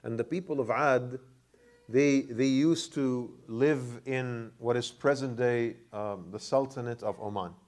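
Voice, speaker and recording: A man teaching Quran commentary in a classroom lecture. His voice sits at a medium pitch. He questions his listeners, repeats words, and restarts his sentences as he explains. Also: measured pace, a little mellow.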